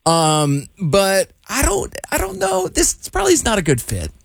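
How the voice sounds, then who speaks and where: Polite fumbling male host, animated voice, dry close sound. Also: high voice, normal speed, vocal fry, dry recording. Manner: awkward, hesitant and polite.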